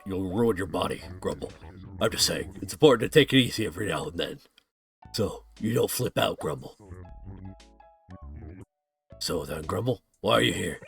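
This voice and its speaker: A man puts on a gruff male tiger villager from a cozy life-sim game. The voice is low and gravelly, friendly but rough. Soft game music plays underneath. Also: heavily acted.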